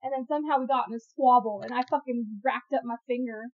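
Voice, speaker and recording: A young woman with a high voice talks in an animated, casual way, laughing often and swearing freely. The recording is close and dry, with a somewhat dull, muffled tone. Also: fast, no echo. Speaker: podcast co-host. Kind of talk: casual chat.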